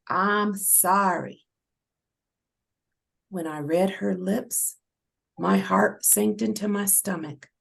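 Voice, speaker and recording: A woman narrating her own story in the first person, in a steady, measured reading. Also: mid-range voice, vocal fry, low-quality recording.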